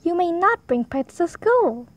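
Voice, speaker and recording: A woman's voice: very high-pitched, sing-song, unhurried, dry recording, pitched above the performer's own voice, heavily acted. A woman voicing a female rabbit schoolteacher in a storybook, speaking in a firm, teacherly way.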